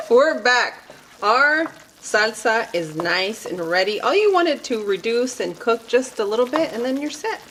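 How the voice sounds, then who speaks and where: A woman's voice: fairly high pitch, very animated, a little slow, a bit bright. A woman hosting a casual home cooking demonstration, chatty and giggly, talking the viewers through each step. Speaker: cooking show host. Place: home kitchen with frying food.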